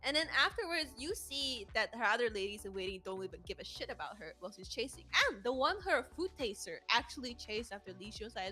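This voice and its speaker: A woman's voice: fairly high pitch, very animated, fast talker, few pauses, bright, forceful tone, faint music behind. A woman co-hosting a casual podcast, talking eagerly about an anime and laughing along. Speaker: podcast co-host.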